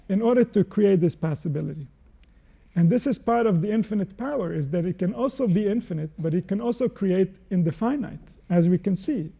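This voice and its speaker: With a high, gravelly, mellow voice, a Jewish spiritual teacher offers slow, unscripted teaching. The explanation is measured and reflective, dotted with pauses and Hebrew terms.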